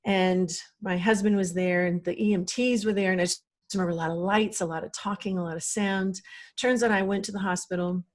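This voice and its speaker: Woman, middle-aged, podcast guest, earnest, emotional personal storytelling, medium pitch. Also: steady tone, a little fast.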